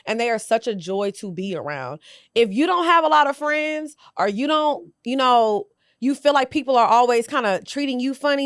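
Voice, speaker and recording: A young woman hosts a podcast, her fairly high, slightly bright voice captured with clean studio sound and no room echo. She delivers sassy, blunt commentary directly to her viewers in a casual way.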